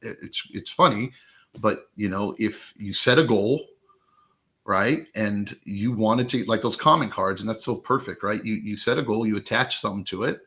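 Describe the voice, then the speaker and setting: Low-ish voiced guy on a podcast, gets worked up and emphatic. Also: normal speed, pushed and bright. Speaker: podcast co-host. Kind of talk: casual podcast chat.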